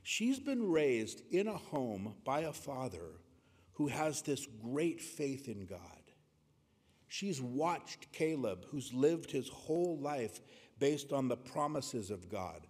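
A man's voice: medium pitch, very animated, slow pace, a little mellow. A male pastor preaching a morning sermon in an earnest manner, reading scripture aloud and speaking to his congregation. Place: church sanctuary. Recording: long reverb of a large hall.

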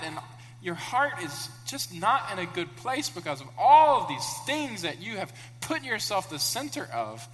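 Animated man preaching in an echoing hall. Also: measured pace. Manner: animated, acts out the characters in sudden loud high bursts. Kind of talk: sermon. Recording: long echo of a large room, faint hum.

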